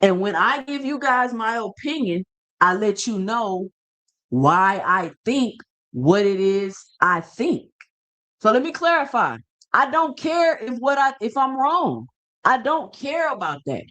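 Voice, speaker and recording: A man's voice: sits high, lively intonation, a little slow, a bit bright. A man hosting a boxing show, ranting casually and emphatically to camera, firing off rhetorical questions and repeating himself. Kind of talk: casual opinion rant to camera.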